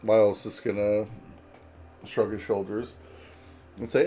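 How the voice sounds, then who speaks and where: A man's voice: fairly low pitch, level tone, measured pace, warm tone, soft background music. A man playing a tabletop game, easygoing and laid-back as he describes his character's actions. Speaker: player.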